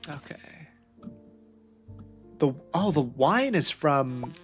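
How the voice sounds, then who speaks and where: A man's voice: on the high side, big pitch swings, slow pace, faint music behind. A man playing a detective puzzle game, thinking aloud and muttering questions to himself as he works through the clues. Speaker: let's play host.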